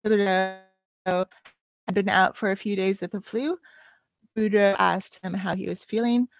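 A woman's voice: mid-range voice, fairly even intonation, a little slow, creaky, no echo. A woman chatting casually as a podcast guest, hesitant and full of filler sounds. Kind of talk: casual chat. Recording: dull lo-fi dry sound.

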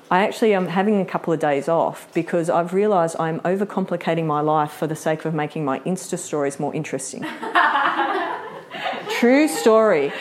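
A woman's voice: fairly low pitch, a little mellow. A middle-aged woman presenting a live workshop, chatty, laughing often and acting out what people say.

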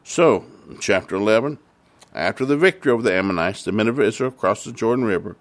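A man's voice: lowish voice, expressive, fast talker. A man preaching a sermon, retelling a Bible story and then pressing its lesson with earnest, repeated emphasis. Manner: earnest, repetitive emphasis, rising to fervent.

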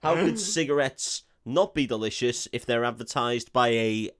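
A man's voice: mid-range voice, expressive, normal speed. A man co-hosting a podcast, chatting casually with sweary, laughing, jokey rants. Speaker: podcast co-host. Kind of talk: casual comedic chat.

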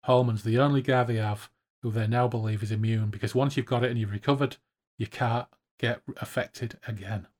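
A man's voice: medium pitch, steady tone, a little fast, darkish tone. A man casually summarising a novel's chapters for a book-club podcast, chatty with frequent restarts.

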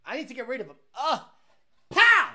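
A woman's voice: on the high side, big pitch swings, rapid-fire, fairly bright tone. A woman hosting a casual livestream, reading comments and answering bluntly, with profanity and Spanish slang mixed in. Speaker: streamer and car enthusiast host.

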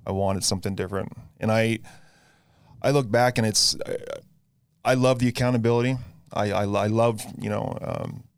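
A man's voice: lowish voice, steady tone, creaky, clean tone, no echo, studio quality. A young man in casual conversation, talking earnestly about his recovery, often restarting his sentences. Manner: halting, many restarts, earnest. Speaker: guest sharing recovery story.

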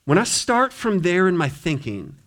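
A middle-aged man preaching a sermon as pastor, impassioned, swinging between loud appeals and quiet, low asides. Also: big pitch swings, moderate pace. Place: church sanctuary.

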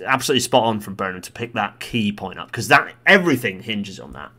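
A man's voice: on the low side, animated, fast, few pauses. Guy picking apart a report, blunt and fed up, voice jumps all over the place. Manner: exasperated, blunt, swears, bursts into loud rants. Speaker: commentator. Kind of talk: commentary on a policy report.

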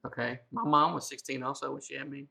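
A woman's voice: very deep voice, fairly even intonation, fast talker, vocal fry, sharp tone, reverberant. A woman hosting a casual chat, blunt and joking as she asks questions. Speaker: host.

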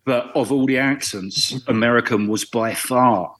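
A man's voice: medium pitch, a little slow, a bit bright. A middle-aged English man, a guest actor, chatting casually on a podcast in a wry, self-deprecating way.

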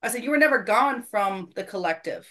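A woman's voice: mid-range voice, expressive, fairly quick, pushed and bright. Earnest woman telling a faith story. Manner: earnest, self-deprecating, quotes people in her story. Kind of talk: casual faith conversation, storytelling.

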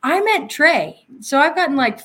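A woman's voice: sits high, big pitch swings, moderate pace, fairly bright tone. A woman chatting casually as a guest, giggly and self-deprecating, often trailing off mid-sentence. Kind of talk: casual chat.

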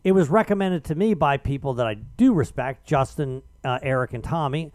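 A man hosting a radio talk show, telling an argumentative story in casual chat with animated emphasis. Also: mid-range voice, normal speed, no room sound.

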